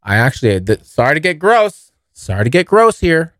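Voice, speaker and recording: Rambling, cursing young man, lively pitch. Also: normal speed, dry recording, studio quality. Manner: profane, rambling, addresses listeners as bros. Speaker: podcast host. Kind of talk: casual storytelling monologue. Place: basement near a furnace.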